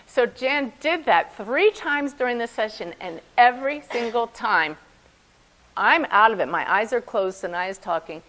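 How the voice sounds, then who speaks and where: A woman, a medium, telling lively personal stories to a conference audience, often laughing as she speaks. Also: a little high, a little slow, poor audio. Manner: animated anecdotes with frequent laughter. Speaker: medium giving a talk. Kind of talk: storytelling talk to an audience.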